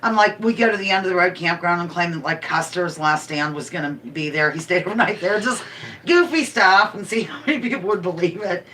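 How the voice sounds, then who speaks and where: Woman, middle-aged, livestream host, bright voice, chatty, playful, rambling. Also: lowish voice, fairly quick. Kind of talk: casual live-stream chat.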